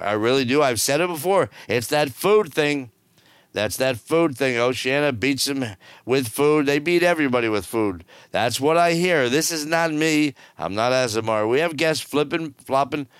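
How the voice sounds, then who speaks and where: A man's voice: mid-range voice, smooth, no room sound. A middle-aged man giving casual cruise news commentary, with wry, sarcastic asides. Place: on board a cruise ship.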